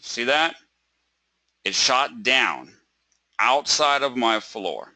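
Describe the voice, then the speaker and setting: A trading webinar instructor with a mid-range, sharp-toned voice teaches a live lesson extremely slowly, with lively intonation and no echo. He asks rhetorical questions, checks in with "right?" and "okay?", and plays a stressed trader by repeating words.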